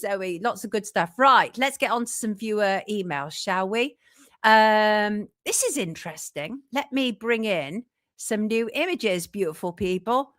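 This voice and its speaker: A woman hosting a casual live show, chatting warmly with her audience and reading out viewer comments in an animated way. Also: mid-range voice, dry recording, clean studio sound. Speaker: journalist and show host.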